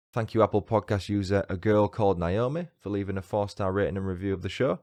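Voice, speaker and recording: A man's voice: lowish voice, fast, few pauses, darkish tone, no room sound. A man with a northern English accent hosting a true-crime podcast, reading listener reviews with cheeky, self-mocking banter. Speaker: podcast host.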